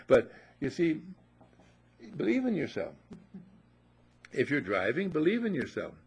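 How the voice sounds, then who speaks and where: A man's voice: on the high side, huge pitch swings, slow pace, creaky. An older man telling folksy stories in a casual motivational talk, repeating upbeat affirmations. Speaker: motivational speaker.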